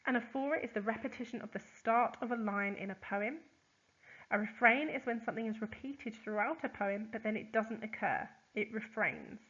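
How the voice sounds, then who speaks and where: A woman, a teacher, explains poetry terms in a chatty recorded lesson, with lots of ums and quick examples. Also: on the high side, fairly bright tone, muffled recording. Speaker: English teacher.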